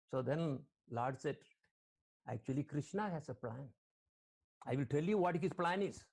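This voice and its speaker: A man's voice: fairly high pitch, animated, moderate pace, pauses often, darkish tone, husky. A man, a spiritual teacher, giving an online sermon over a video call, quoting Sanskrit verses and questioning his listeners.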